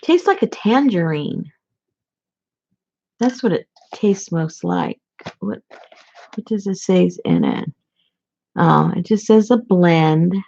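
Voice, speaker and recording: Chatty gravelly woman, lo-fi sound. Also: lowish voice, very animated, takes it slowly, long pauses, darkish tone. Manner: chatty, giggly, rambling. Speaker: crafter showing handmade gifts. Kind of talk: casual vlog chat.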